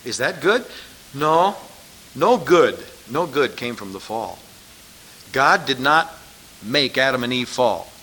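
A man's voice: medium pitch, lively intonation, slow pace, long pauses, sharp tone, a little hiss or hum. A man preaching a sermon, pressing his listeners with emphatic rhetorical questions.

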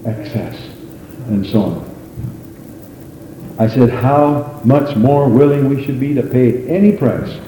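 A man preaching a sermon in an animated, folksy way, with frequent exclamations. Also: mid-range voice. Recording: echoey hall with faint noise.

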